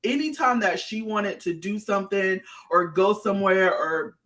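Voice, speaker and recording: A woman guest talking plainly and earnestly in casual conversation. She is soft-spoken and not very talkative. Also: mid-range voice, moderate pace, distant mic.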